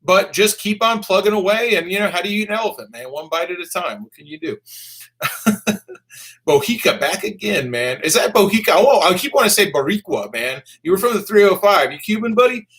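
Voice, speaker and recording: A young man with a fairly high, bright, forceful voice, chatting casually on a live stream. He reads viewers' comments aloud, swears easily and keeps calling people dude and man. Now and then he bursts into excited shouts. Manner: laid-back, swears freely, calls everyone dude and man; bursts of excitement and quick laughs. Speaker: motorcycle vlogger reading live-stream donations.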